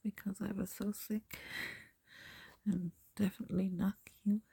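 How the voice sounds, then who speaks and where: A woman in a whispered role-play as a girlfriend, softly soothing and reassuring the listener. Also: mid-range voice, flat delivery, measured pace, vocal fry, slightly rough, dry recording.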